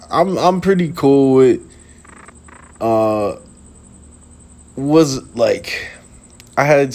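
A man's voice: medium pitch, husky. A young man hosting a casual late-night talk, rambling in slang with lots of fillers and laughs, sitting outdoors. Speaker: podcast host.

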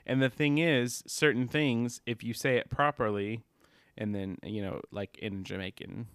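A man's voice: medium pitch, fairly even intonation, unhurried, a bit bright, clear, resonant tone, no room sound. A man co-hosting a podcast in casual chat, rambling, swearing casually and laughing mid-sentence. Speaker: podcast co-host.

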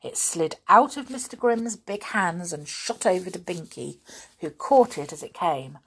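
A woman in her thirties reading a children's story aloud, gentle and chatty, talking directly to her listeners. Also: lowish voice, expressive, a little slow, husky.

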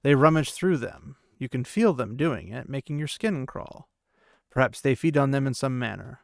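A man's voice: medium pitch, animated, moderate pace, creaky, dry recording, clean studio sound. A man voicing a stern, noble-born sorceress who scolds in clipped, cold reproaches. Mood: severe.

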